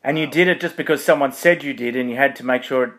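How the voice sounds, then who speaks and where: A man's voice: mid-range voice, fast talker, fairly bright tone. Guy hosting a laid-back interview, short replies, laughs along a lot. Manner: brief, laughing backchannel replies. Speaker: radio host. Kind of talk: casual interview.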